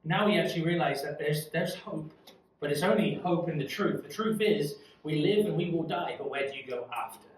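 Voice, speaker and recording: A man's voice: on the high side, brisk. A man leading a youth Bible study, teaching in an earnest, conversational way and putting questions to the group. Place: church room. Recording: echoey room from far off.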